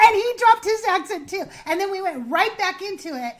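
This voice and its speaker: A woman hosting a live call-in show, telling stories in an animated way and laughing often. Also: very high-pitched, moderate pace, slight background noise. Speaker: host.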